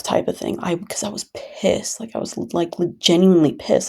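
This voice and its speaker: Gravelly low-voiced woman venting casually. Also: normal speed, few pauses, a little mellow. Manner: rambling, filler-heavy, with many "like" and restarts. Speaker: vlogger.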